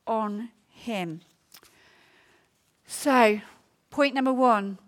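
Middle-aged woman preacher, fairly high voice, earnest and heartfelt sermon delivery in a church. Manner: earnest, personal, emotional storytelling with fillers.

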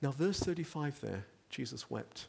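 Gravelly man preaching earnestly. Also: medium pitch, lively intonation, moderate pace, darkish tone. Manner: earnest, builds to emphatic rhetorical questions. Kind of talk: sermon.

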